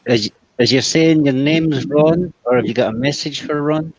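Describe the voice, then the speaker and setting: A man leading a ghost-hunting spirit box session on a livestream, calmly questioning the spirits and coaxing them to come forward. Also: a little high, normal speed, no echo, dull audio. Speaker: paranormal investigator streamer.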